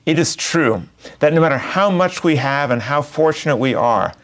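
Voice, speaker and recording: A man, a rabbi, giving a gentle, reflective sermon and telling a story. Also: fairly high pitch, lively intonation, normal speed.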